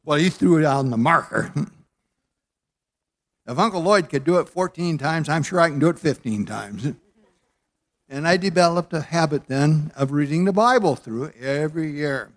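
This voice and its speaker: A man's voice: fairly high pitch, lively intonation, normal speed. Chatty man in his eighties preaching. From Southern California. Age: 80s. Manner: folksy and chatty, with many fillers and laughs. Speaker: pastor. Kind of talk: sermon. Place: church sanctuary.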